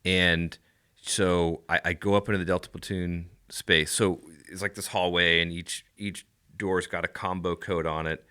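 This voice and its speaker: A man, a former Navy SEAL guest, telling stories in a casual chat, animated and laughing often. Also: low-pitched, moderate pace, smooth.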